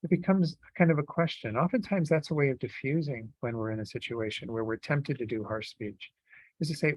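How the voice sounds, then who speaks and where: A man giving a Buddhist teaching in a relaxed, conversational way, with frequent fillers and restarts. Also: medium pitch, a little fast, no echo, low-quality recording. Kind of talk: dharma talk.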